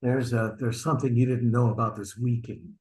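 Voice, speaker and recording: A man's voice: mid-range voice, steady tone, brisk, a little mellow, natural voice, poor audio. A man acting an online stage scene as a flustered husband hiding an affair, stammering and sheepish as he presses his friend. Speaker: acting student. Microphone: video call.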